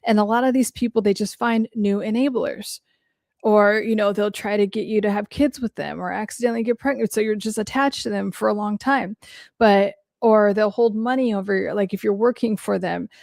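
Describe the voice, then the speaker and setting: A woman's voice: mid-range voice, a little fast, vocal fry, darkish tone, no room sound, studio quality. A woman hosting a mental health podcast who talks casually and bluntly, swearing freely and saying "like" a lot as she answers listener questions. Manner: blunt and frank, swears casually, heavy use of "like".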